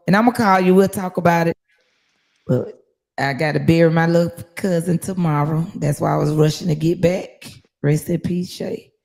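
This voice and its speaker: Woman, livestream host, casual chat, profane storyteller, phone mic. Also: fairly low pitch. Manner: lively, profane storytelling with laughs.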